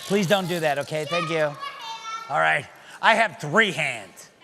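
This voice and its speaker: A man doing comic magic-show patter for children, playful and teasing, calling loudly out to a live audience. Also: a little high, animated, unhurried, vocal fry, noisy background. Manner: playful, teasing, loud, calls out to the crowd. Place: synagogue sanctuary in front of a live audience.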